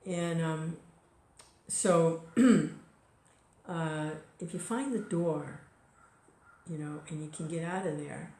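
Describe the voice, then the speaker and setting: A woman's voice: deep voice, slow, pauses often, warm tone, a little hiss or hum. A woman giving an informal devotional talk in a conversational way, full of "you know" and small restarts. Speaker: devotional speaker. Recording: echoey room recording.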